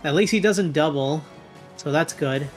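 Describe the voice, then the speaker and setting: Easygoing man with a slightly high voice. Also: measured pace, soft background music. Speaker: co-player guest. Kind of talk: casual gaming chat.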